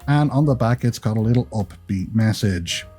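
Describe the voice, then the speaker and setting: Irish man with a low, mellow voice. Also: normal speed, breathy edge, soft background music. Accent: Irish, partly Americanized. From Ireland. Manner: chatty, rambling, self-deprecating jokes. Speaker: YouTube creator. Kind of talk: casual advice vlog.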